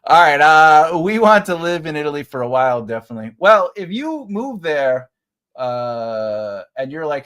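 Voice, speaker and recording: A man's voice: on the high side, big pitch swings, normal speed, fairly bright tone, smooth. A man hosting a live writing class, chatting with viewers in a jokey, rambling way and laughing often. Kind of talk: live-stream chat reading comments.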